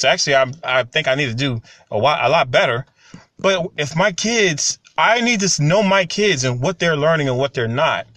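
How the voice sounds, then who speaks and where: A man, talking casually and getting animated when he tells stories. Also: fairly high pitch, no echo. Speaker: commentary channel host. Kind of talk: casual monologue to camera.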